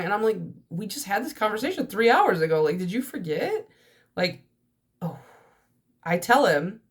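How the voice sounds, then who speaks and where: A woman's voice: mid-range voice, very animated, normal speed, breathy edge. A young woman with a stuffy, nasal voice from allergies, rambling nonstop in casual chat to her camera while vlogging. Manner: chatty stream-of-consciousness talk. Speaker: nail polish vlogger.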